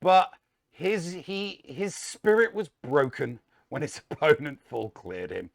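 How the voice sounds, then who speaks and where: A man's voice: a little high, sing-song, slow pace, vocal fry, no room sound. A man co-hosting a casual gaming show, recapping matches with dry humor. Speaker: co-host.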